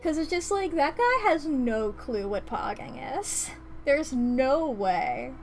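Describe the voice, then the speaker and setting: A woman streamer chatting casually during an ad break, rambling and giggling often, with playful slang. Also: fairly high pitch.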